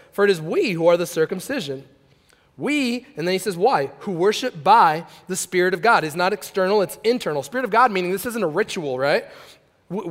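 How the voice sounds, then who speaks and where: A high-voiced man preaching a loose, casual sermon, joking with his listeners as he reads and acts out quotes. His talk rings with the long reverb of a large hall. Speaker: pastor.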